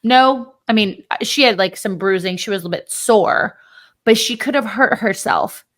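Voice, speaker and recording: A woman's voice: mid-range voice, normal speed, a bit bright. A woman co-hosting a podcast, chatting casually and emphatically about fitness, with the odd swear word. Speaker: podcast co-host.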